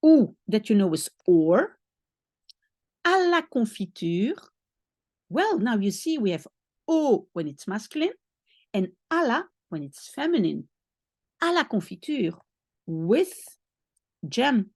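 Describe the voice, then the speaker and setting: Woman teaching a beginner, slow and patient, breathy voice, lots of up and down. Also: mid-range voice, big pitch swings, dark tone, dry recording, clean studio sound. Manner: patient, step-by-step explaining with frequent rephrasing. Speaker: language teacher. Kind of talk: explaining a French lesson to one learner.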